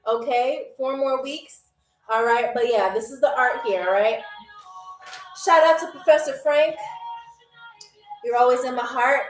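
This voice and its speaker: A woman hosting a live-streamed game show, joking and reading viewer comments, often tagging lines with "okay?" and "all right". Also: a little high. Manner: playful, jokey, reads viewer comments aloud. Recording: roomy echo, faint music.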